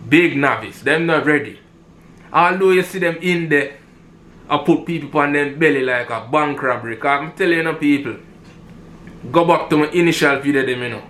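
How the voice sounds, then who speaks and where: A man's voice: a little high, normal speed, fairly bright tone. Angry Jamaican man ranting. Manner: heated, ranting, repeats for emphasis. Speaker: commentator reacting to robbery footage. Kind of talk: angry commentary in patois.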